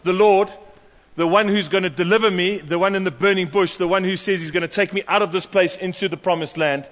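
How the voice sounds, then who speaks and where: A man preaching a sermon, animated and storytelling, acting out the voices of the people in his stories. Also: high-pitched, fairly quick. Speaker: pastor. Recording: long hall reverb.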